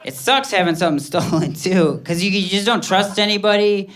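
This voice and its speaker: A man in his thirties doing stand-up comedy, telling self-deprecating stories in an anxious, animated way. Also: sits high, brisk, a little hiss or hum.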